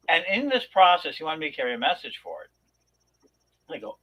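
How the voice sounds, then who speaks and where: A man on a talk show telling a long personal story in a rambling, animated way, with many restarts. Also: medium pitch, a little fast, dull audio. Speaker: podcast co-host. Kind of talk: casual storytelling chat.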